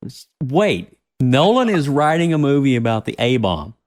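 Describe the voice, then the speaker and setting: A male podcast host in his thirties, talking in a loose, joking, animated way with his co-hosts. His voice sits at an ordinary pitch and sounds close and dry, with no room around it. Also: normal speed, no echo. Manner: animated, laughing, swearing banter. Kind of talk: casual chat.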